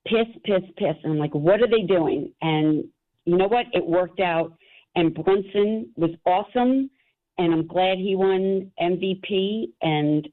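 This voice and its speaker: A woman calling a sports radio show, emotional and close to tears, talking in a gushing, rambling way. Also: on the low side. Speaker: caller. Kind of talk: phone-in call to radio. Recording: phone line.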